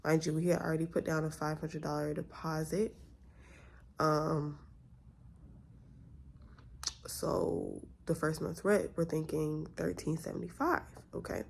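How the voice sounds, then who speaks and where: A woman's voice: low voice, little pitch movement, unhurried, creaky, pauses often, slightly rough. A young woman vlogger telling a story in a casual, exasperated way, full of rhetorical questions.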